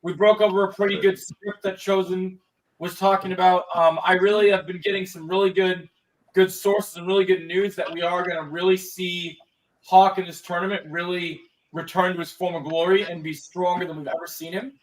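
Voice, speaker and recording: A young man hosting a casual livestream, talking in a rambling way full of restarts and repeated words. His voice sits high. He sounds set back from the microphone. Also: little pitch movement, fairly quick, distant mic, rough recording. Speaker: livestream host.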